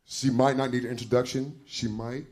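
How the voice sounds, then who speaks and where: A man hosting a live comedy show, bantering in an animated, profane way between acts. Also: mid-range voice, moderate pace. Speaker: host and comedian. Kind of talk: stand-up hosting.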